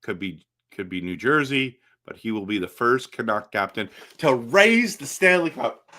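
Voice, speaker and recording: Bright-voiced man hosting a live fan stream. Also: medium pitch, moderate pace, slight background noise. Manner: animated, talks back to chat comments, restarts sentences. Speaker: livestream host reading chat. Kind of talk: casual live-stream chat.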